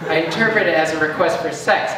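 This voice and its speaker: Young guy doing open mic standup, deadpan, laughs at his own bits, noisy roomy hall, mic far away. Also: a little high, fast. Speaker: stand-up comedian. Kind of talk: stand-up comedy set. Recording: echoey hall recorded from far off.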